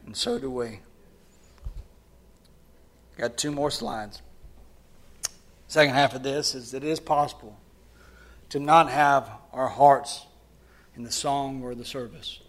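A man preaching a sermon to his church, swinging between loud, fervent passages and quiet, hushed ones. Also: mid-range voice, slow pace, long pauses. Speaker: pastor.

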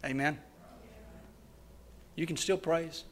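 A man preaching a sermon to his church, swinging between loud, fervent passages and quiet, hushed ones. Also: a little high, fairly even intonation, slow, slight background noise. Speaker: pastor.

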